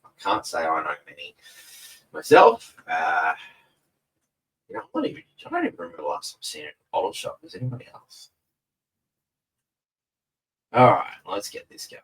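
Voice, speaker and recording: This Australian live-stream host has a deep, slightly bright voice whose pitch swoops wildly, speaking at normal speed with frequent pauses. Laid-back and rambling, he swears freely from a home room in front of a TV. A set-back camera mic leaves him sounding far away on a rough recording.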